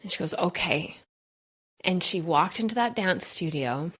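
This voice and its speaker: A woman's voice: lowish voice, animated, moderate pace, a bit bright, slightly rough. Emphatic woman telling a story. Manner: earnest, emphatic, addresses listeners as "you guys". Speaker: guest, brain coach. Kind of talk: storytelling in a podcast interview.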